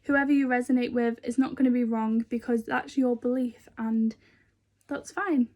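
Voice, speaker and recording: Woman vlogger, high voice, rambling and earnest, casual to-camera chat. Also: steady tone, moderate pace, darkish tone. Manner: chatty and rambling, many fillers.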